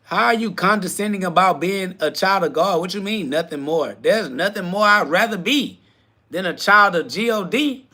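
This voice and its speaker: High bright-voiced man preaching at critics. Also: expressive, normal speed. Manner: preachy, confrontational, repeats short slogans; answers quoted critics, crude slang. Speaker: podcast host. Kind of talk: live self-talk religious monologue.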